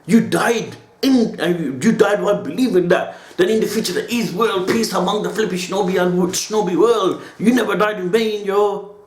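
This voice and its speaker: Man, slightly high voice, impassioned slangy reaction host, echoey room. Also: normal speed. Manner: impassioned, slangy, keeps tagging lines with "yo". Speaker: anime reaction channel host. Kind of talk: emotional reaction monologue. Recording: roomy echo.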